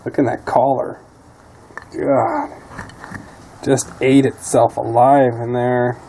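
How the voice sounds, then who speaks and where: A man's voice: medium pitch, level tone, slow pace, dark tone, slight background noise. A man talking casually while repairing a quad in his garage, muttering and cursing often. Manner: profane, frustrated muttering. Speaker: DIY mechanic vlogger.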